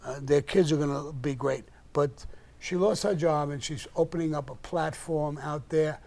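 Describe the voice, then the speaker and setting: Here an older live-stream host answers questions by casually telling profane, blunt stories. He talks at a moderate pace in a steady tone, and his gravelly voice sits on the high side with a darkish color.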